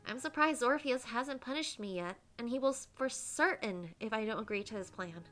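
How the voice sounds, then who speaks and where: A woman's voice: fairly high pitch, expressive, moderate pace, a bit bright. Woman voicing a worried mermaid girl. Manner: pleading, worried. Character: young mermaid woman turned human, anxious.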